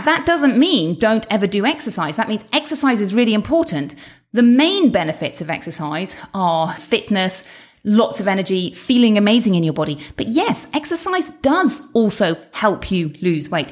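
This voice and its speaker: A woman talking as a weight-loss coach, chatty and encouraging, with asides and quick self-corrections. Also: mid-range voice. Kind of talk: direct-address coaching talk.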